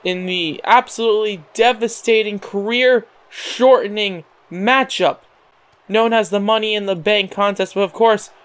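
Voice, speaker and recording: A man giving excitable play-by-play wrestling commentary over a video game, announcer-style, leaning on "however" and fillers. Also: sits high, measured pace, clean tone. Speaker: gaming channel host.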